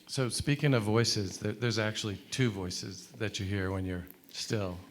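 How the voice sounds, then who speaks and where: A lower-pitched man speaks up from a chapel congregation, conversational and encouraging. Faint background noise sits behind his voice on a passed-around mic. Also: unhurried. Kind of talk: spontaneous comment in a group discussion.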